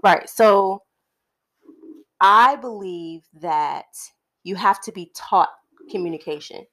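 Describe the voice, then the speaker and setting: A woman co-hosting a casual conversational podcast, speaking in a thoughtful, measured way with frequent pauses. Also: mid-range voice, fairly bright tone. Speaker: podcast co-host.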